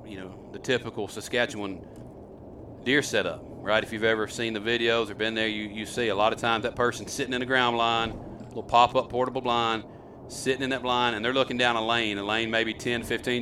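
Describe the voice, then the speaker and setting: With a bright, forceful tone at medium pitch, this hunter and dad tells his story casually to the camera, rambling along and putting questions to his sons. A little hiss or hum can be heard in the recording.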